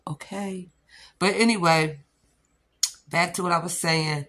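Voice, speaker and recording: A woman vlogging about nails, excitable and rambling, with sudden shouts before calming herself down. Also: on the low side, measured pace. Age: adult with a child. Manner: excitable, rambling, bursts into shouts then calms down. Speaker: nail vlogger. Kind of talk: excited casual vlog.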